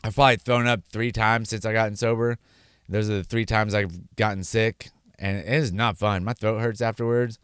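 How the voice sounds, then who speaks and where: A man's voice: on the low side, fairly even intonation, moderate pace, a bit bright, clear, resonant tone, dry recording, studio quality. A man sharing his personal testimony, earnest and repeating words for emphasis. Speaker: speaker sharing his sobriety story.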